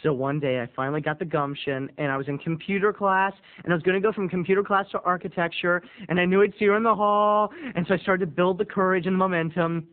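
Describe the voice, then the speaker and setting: A man telling a comic personal story to viewers in an animated way, addressing them directly. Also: high-pitched, fast talker, few pauses. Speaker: video blogger. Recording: tinny phone-like audio.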